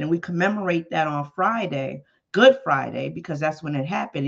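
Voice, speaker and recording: Preacher, relaxed storytelling sermon delivery, mid-pitched, slightly muffled lo-fi recording. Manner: conversational storytelling with emphatic exclamations. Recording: dull lo-fi podcast audio.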